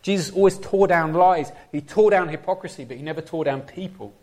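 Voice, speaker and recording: A man's voice: a little high, brisk. A man preaching a sermon, often asking the congregation direct questions. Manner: lively, asks the congregation questions.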